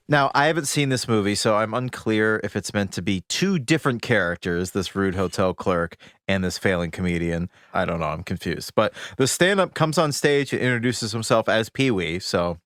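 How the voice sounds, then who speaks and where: A man's voice: lowish voice, fairly bright tone, dry recording, clean studio sound. A man co-hosting a podcast, chatting casually and sharing candid opinions. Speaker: podcast co-host.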